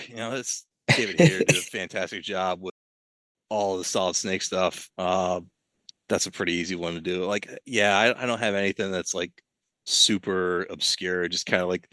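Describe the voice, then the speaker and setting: A man's voice: low voice, normal speed, pushed and bright, no room sound. A man who is a podcast guest, talking in a rambling, self-interrupting casual chat and laughing often.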